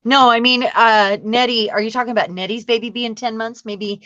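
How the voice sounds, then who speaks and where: A woman's voice: fairly high pitch, steady tone, fairly bright tone, dry recording. Chatty woman on a dull lo-fi line. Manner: chatty, halting, friendly. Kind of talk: casual live-stream chat. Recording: dull dry lo-fi sound.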